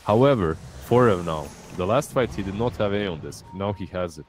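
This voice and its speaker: A man's voice: low voice, expressive, moderate pace, slight background noise. A man giving color commentary on an esports match, often stumbling and repeating words as he starts a thought. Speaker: esports analyst.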